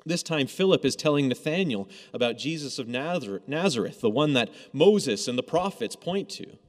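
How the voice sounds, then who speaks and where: A man's voice: mid-range voice, expressive, moderate pace. A man preaching a sermon in a conversational, storytelling way, acting out quoted lines as he goes. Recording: long hall reverb.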